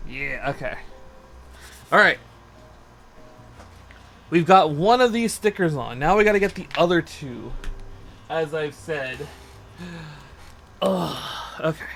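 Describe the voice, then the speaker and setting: A man's voice: fairly high pitch, takes it slowly, creaky, long pauses, fairly bright tone, a little hiss or hum. A man streaming casually from his home desk, rambling and teasing his cat while he chats. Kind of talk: casual live-stream chat.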